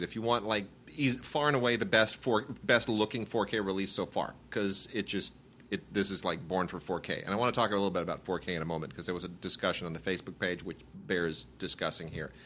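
A man's voice: fairly low pitch, bright, forceful tone, a little hiss or hum. A man in his thirties, a podcast co-host, chatting casually about movies and rambling with many restarts. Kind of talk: casual chat reviewing movies.

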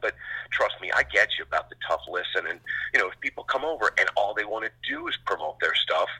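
A middle-aged sports radio host talks casually as a guest, rambling from one story to the next with quick asides. His voice is low and husky, with a hard, forceful edge to it. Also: big pitch swings, low-quality recording. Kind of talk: casual interview chat.

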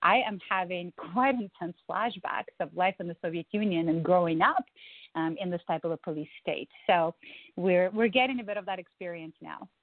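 A woman's voice: lowish voice, moderate pace, no echo. Woman from ukraine, candid and laughing, dry close sound, thin phone-like line. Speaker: guest, branding agency co-founder. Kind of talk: casual interview chat.

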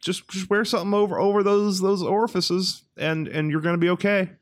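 A man's voice: high-pitched, flat delivery, brisk, no echo, studio quality. A man co-hosting a podcast, chatting casually about a film in a blunt, crude way and often restarting his words. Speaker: podcast co-host.

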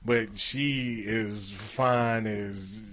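A man's voice: fairly low pitch, steady tone, very slow, a bit bright. A man co-hosting a casual podcast chat, profane and rambling, laughing often. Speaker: podcast co-host.

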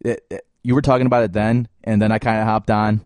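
A man's voice: on the low side, little pitch movement, quick pace, darkish tone, no echo. A man in his early twenties co-hosting a podcast in loose, profane casual chat, laughing often. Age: 20s. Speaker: podcast co-host. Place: small hot room.

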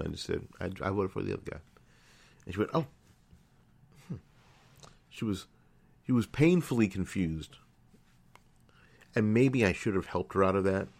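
Vocal fry colors the very low, deep voice of this middle-aged internet radio host as he speaks into a studio mic. In a rambling, casual monologue he recounts a personal story, frequently repeating phrases and starting sentences over.

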